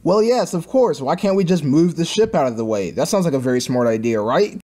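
A man with a slightly high voice rants through a cartoon review. His delivery is sarcastic and exasperated, mocking each scene as he goes. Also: expressive, brisk, dark tone, slight background noise.

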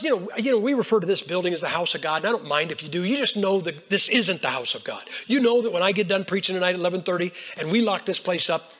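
An older man preaching a folksy storytelling sermon, swinging between hushed lines and loud bursts. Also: sits high. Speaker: Baptist preacher.

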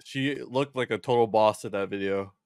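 A man's voice: on the low side, normal speed, a little mellow, smooth, dry recording, clean studio sound. A man co-hosting a music reaction, adding short, enthusiastic remarks. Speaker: reaction co-host. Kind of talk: casual reaction chat.

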